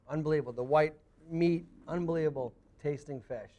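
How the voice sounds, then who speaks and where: A middle-aged man, a guest fisherman on a studio talk show, telling stories in an animated way and laughing through them. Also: a little high, moderate pace. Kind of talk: animated storytelling. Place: TV studio with live audience.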